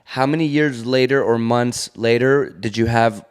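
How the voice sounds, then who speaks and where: A man's voice: medium pitch, measured pace, clear, resonant tone. Man asking follow-up questions. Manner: asks probing follow-up questions. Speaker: podcast co-host. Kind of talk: casual podcast chat.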